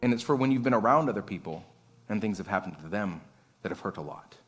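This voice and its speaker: A man's voice: on the low side, animated, fast, fairly bright tone, faint music behind. A man preaching a sermon as pastor, telling a story with self-mocking humor and frequent chuckles. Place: church service.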